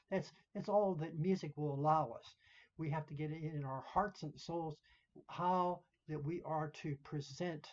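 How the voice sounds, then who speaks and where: Older choir director giving emphatic notes at rehearsal, sings the rhythms, mid pitch, muffled recording. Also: moderate pace. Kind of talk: rehearsal instruction.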